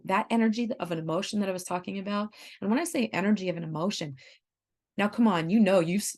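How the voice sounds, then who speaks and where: A middle-aged woman, a healer, speaking earnestly to camera in an emphatic teaching tone. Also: on the low side. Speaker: intuitive empathic healer. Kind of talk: talking-to-camera self-help talk.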